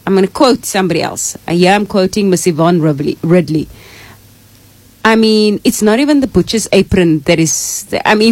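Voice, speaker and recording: A woman's voice: mid-range voice, no room sound. A South African woman co-hosting a casual radio chat, emphatic and repeating words as she thinks. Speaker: radio co-host.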